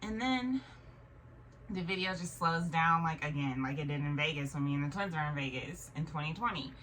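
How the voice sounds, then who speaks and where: A woman in her thirties tells a strange story in a low voice, rambling and restarting her sentences with plenty of fillers. She sits a little back from the mic, and faint noise runs under her voice. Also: expressive, normal speed, a bit bright, far from the mic, poor audio. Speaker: vlogger. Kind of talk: casual storytelling monologue.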